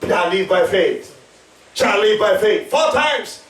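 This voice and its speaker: A man's voice: high voice, lively intonation, takes it slowly, a bit bright. Male pastor, fervent call-and-response preaching, echoing church heard from a distance. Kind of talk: sermon. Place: church hall. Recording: echoey church, mic at a distance.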